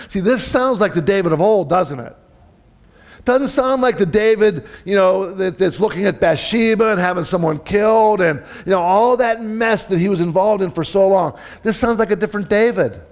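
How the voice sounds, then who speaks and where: A middle-aged male pastor preaching a sermon in a conversational way, often checking in with the congregation and swinging between loud and soft. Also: high-pitched, expressive, normal speed.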